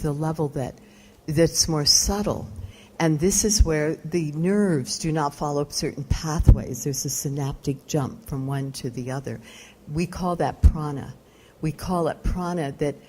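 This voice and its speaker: A woman's voice: deep voice, dark tone. A woman yoga teacher giving a live lecture, explaining terms and putting questions to her audience. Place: retreat lecture room.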